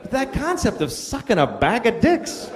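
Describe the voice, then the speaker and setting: Here the same profane routine comes from a middle-aged comic whose voice is very high and swoops wildly in pitch at a moderate pace. He acts out an angry driver while telling an incredulous tale on a big theater stage. Background noise, hall echo and crowd laughter fill the live recording.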